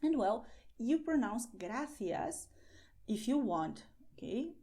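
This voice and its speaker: A woman with a Spanish accent teaches an online language lesson, unhurried and patient. Her tone is mellow and warm, and her pitch rises and falls a lot as she says model phrases slowly and checks in with "okay?". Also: sing-song. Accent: Spanish, from Spain. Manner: patient explanations, slow careful model phrases, frequent "okay?".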